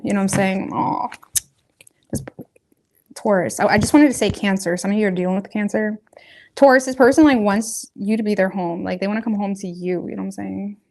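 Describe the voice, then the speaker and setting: A woman's voice: mid-range voice, darkish tone. A woman giving a casual tarot reading, talking straight to her viewers in a loose, rambling, colloquial way. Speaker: tarot reader.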